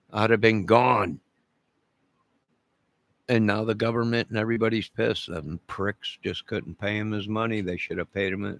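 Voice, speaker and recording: A man's voice: on the low side, a bit bright, dry recording. A man delivering an angry, profane, repetitive rant to camera, making demands over and over. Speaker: vlogger.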